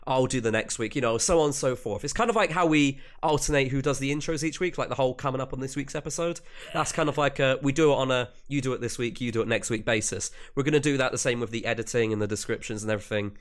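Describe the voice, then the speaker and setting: A man's voice: medium pitch, fast talker, few pauses. A young man co-hosting a podcast in casual chat, rambling and restarting his sentences. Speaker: podcast co-host.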